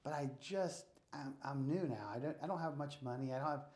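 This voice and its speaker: A man's voice: mid-range voice, fairly quick. An American man telling stories in a casual interview and acting out the dialogue as he goes. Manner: animated storyteller acting out dialogue. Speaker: real estate investor guest. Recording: roomy echo.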